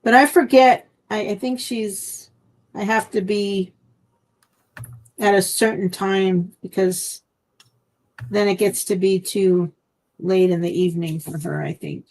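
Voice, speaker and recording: A woman's voice: steady tone, takes it slowly, pauses often, darkish tone, poor audio. A woman hosting a casual craft live stream from home, chatty and friendly. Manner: chatty, breaks into high baby talk with her dog. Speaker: craft channel host.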